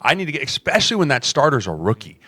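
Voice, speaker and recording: A man's voice: mid-range voice, big pitch swings, quick pace, sharp tone, no echo. A man co-hosting a casual sports podcast, explaining the game emphatically and in detail. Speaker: podcast co-host, former offensive lineman.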